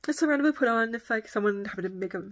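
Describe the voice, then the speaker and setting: A woman's voice: fairly high pitch, lively intonation, very fast. Woman vlogger, casual rambling storyteller, filler-heavy delivery.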